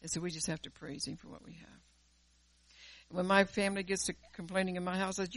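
A woman preaching a sermon with fervor, jumping from loud exhortation to quiet asides and often repeating words as she goes. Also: fairly low pitch, steady tone, fast, no echo. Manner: repeats words and restarts phrases while preaching.

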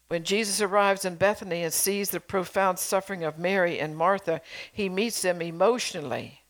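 A woman's voice: lowish voice, normal speed. A middle-aged woman preacher delivering a sermon, earnestly exhorting her congregation with rhetorical questions.

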